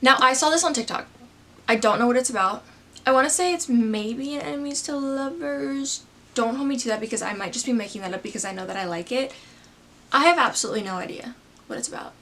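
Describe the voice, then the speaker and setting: A woman's voice: a little high, fast talker, fairly bright tone. A woman in her twenties talking casually to camera as a book vlogger, chatty and self-deprecating with rambling asides. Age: 20s. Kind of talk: casual chat.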